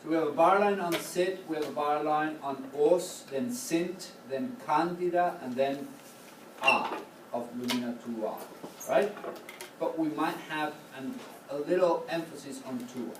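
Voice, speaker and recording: Slow-talking man teaching choral conducting. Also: a little high. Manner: patient, explains then sings short demonstrations. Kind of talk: classroom instruction. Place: rehearsal room with a choir. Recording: echoey, distant, noisy room recording.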